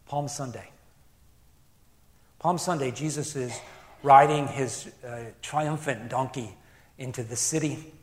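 A man's voice: mid-range voice, slow pace, long pauses. Man preaching in an echoey hall. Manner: earnest, reflective, swings from emphatic to hushed. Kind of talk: sermon.

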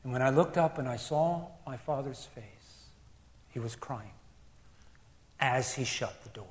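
A man preaching a sermon in an earnest, reflective way, moving between emphatic lines and hushed ones. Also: mid-range voice, measured pace, reverberant, long reverb tail.

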